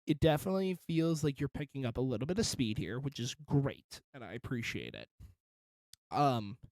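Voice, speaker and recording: A man's voice: mid-range voice, sing-song, moderate pace, darkish tone, no room sound. A man reviewing a song in casual commentary, encouraging and detailed about vocal technique.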